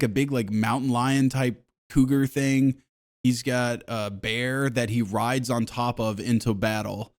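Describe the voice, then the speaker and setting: A man chatting casually as a podcast co-host, pitched in the middle for a man. He tells stories with plenty of laughter and cheerful profanity. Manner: laughing, animated, profane storytelling. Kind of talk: casual chat.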